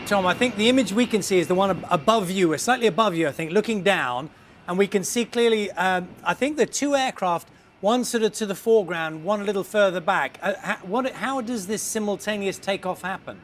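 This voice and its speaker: A man presenting the news from a studio, talking in a measured, conversational way. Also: high-pitched, animated, a bit bright, slight background noise.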